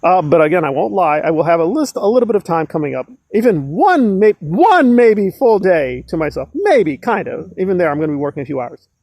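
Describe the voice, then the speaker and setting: Male commentator, sarcastic and emphatic, high voice that swings all over, dry close sound. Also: sing-song, brisk, hardly any pauses, a little mellow, no room sound. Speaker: online commentator. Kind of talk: ranting commentary.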